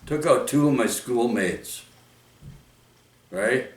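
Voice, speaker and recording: With an expressive, mid-range voice, a middle-aged Vancouver vlogger drifts through casual stories at an unhurried, drawn-out pace, often restarting and tossing in "oi" or "right?". He's recorded from a distance indoors at home, where the room gives him an echoey sound.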